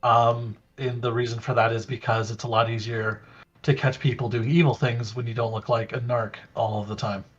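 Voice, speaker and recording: A man's voice: mid-range voice, flat delivery, normal speed, slightly rough, muffled recording. A man playing in a tabletop game, chatting casually in a dry, playful way. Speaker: player. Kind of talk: casual chat.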